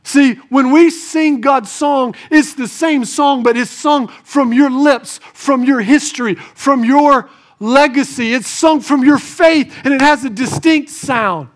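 A man giving an animated sermon, moving between soft asides and raised emphasis and asking the congregation rhetorical questions. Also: extremely high pitch, slow pace, hardly any pauses. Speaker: pastor.

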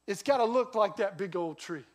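A middle-aged man preaching a sermon as a pastor, telling stories with a lively voice that rises and drops sharply. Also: high-pitched, moderate pace. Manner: lively storytelling, voice rising and dropping sharply.

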